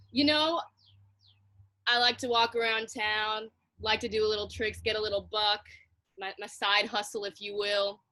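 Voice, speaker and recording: A woman's voice: a little high, bright, forceful tone. A woman improvising a laid-back stoner street performer with a rambling slacker way of talking. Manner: rambling, slacker slang, giggly. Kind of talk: improv comedy scene. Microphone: video call.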